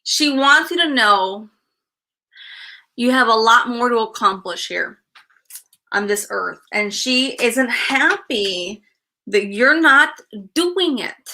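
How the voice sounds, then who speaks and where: A woman talks through a spirit reading at an unhurried pace. Her voice sits a little high and rings bright. She hesitates and restarts often, filling gaps with fillers, and stays frank with easy laughs. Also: animated. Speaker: psychic medium.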